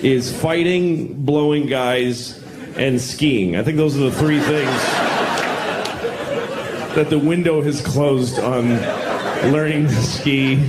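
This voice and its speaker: A man in his forties doing a stand-up routine, deadpan and self-deprecating, acting out other voices. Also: mid-range voice, takes it slowly, pauses often, over a noisy crowd, very noisy. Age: 40s. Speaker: stand-up comedian. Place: stage before a laughing audience.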